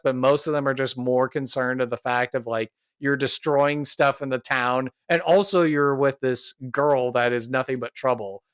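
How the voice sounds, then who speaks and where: A man's voice: medium pitch, fairly bright tone, clear, resonant tone, no room sound. A man hosting a tabletop role-play podcast, narrating his character in a loose, rambling way. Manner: rambling, many fillers, chuckles. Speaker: podcast host and player.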